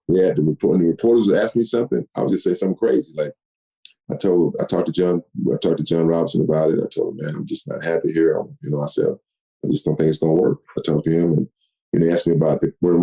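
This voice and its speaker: A man in his sixties, a guest in an interview, telling stories with lively delivery and acting out quoted dialogue. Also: a bass voice, vocal fry, poor audio. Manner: animated storyteller, acts out quoted dialogue. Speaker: guest, retired football player. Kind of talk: storytelling interview.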